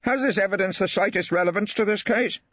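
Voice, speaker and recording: An actor playing a pompous, irritable judge in an audiobook, speaking weightily and condescendingly. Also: male voice, sits high, quick pace, a bit bright, no echo, pitched above the performer's own voice. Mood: irritated. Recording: dry, slightly dull studio.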